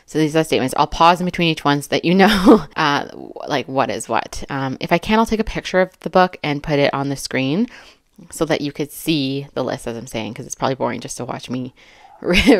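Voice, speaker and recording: A woman's voice: low voice, lively intonation, moderate pace, no echo, clean studio sound. A woman in her thirties who sounds a little out of breath, reading a list aloud and commenting on each item in a chatty, filler-heavy way. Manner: chatty, filler-heavy, laughs between remarks. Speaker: commentary YouTuber. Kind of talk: casual commentary, reading and reacting.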